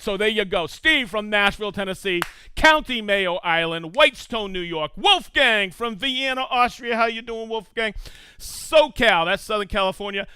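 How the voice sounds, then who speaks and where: An excitable man hosts a live stream, whooping as he reads out shout-outs. His voice sits high and swoops around a lot. It is clear and crisp. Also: no room sound. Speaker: host of a live tool demo stream. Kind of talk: casual live-stream chat.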